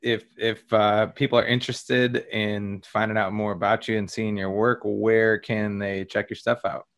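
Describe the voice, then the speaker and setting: A man's voice: fairly low pitch, little pitch movement, normal speed, fairly bright tone, clean tone. A man co-hosting a podcast, talking in an easygoing, casual way and wrapping up with friendly sign-offs. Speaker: podcast co-host. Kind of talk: casual podcast talk and outro.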